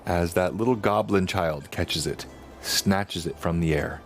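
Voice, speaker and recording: A man's voice: low voice, a little slow, vocal fry, faint music behind. A man running a tabletop game on a live stream, narrating scenes and thanking viewers and players. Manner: thanks chat and players, laughs easily. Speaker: game master.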